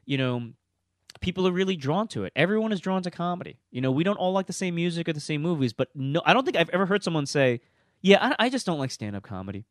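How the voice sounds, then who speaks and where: A man's voice: on the high side, no room sound, clean studio sound. A man, a stand-up comedian, giving casual direct-to-camera advice to new comics, emphatic and often checking in with "okay?". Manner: emphatic, repeats "okay?" to drive points home.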